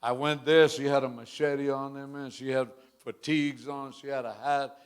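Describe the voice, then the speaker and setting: A man's voice: mid-range voice, little pitch movement, moderate pace, smooth. A man preaching a sermon through a long personal story, in a casual street-style way, often tacking on "man" and chuckling between lines.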